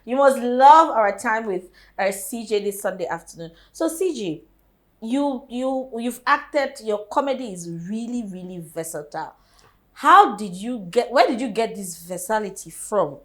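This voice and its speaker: A woman hosts an interview with effusive, eager enthusiasm for her guest. Her voice sits high for a woman. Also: expressive, moderate pace. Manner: effusive, laughing praise. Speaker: host. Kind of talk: casual interview.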